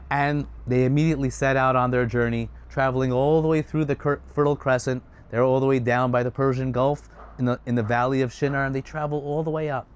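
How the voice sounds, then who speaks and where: A man telling a story in a lively, animated way, with quick restarts. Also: medium pitch, clean tone. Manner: lively, with restarts and many voices.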